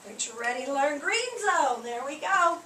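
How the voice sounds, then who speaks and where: A high, bright-voiced woman teaching a class of small children, acting out each feeling with big swings in her voice. She is caught from far off in a roomy, echoing hall. A faint hum sits behind her. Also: lively intonation, moderate pace. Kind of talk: classroom lesson to young children. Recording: echoey room recorded from a distance.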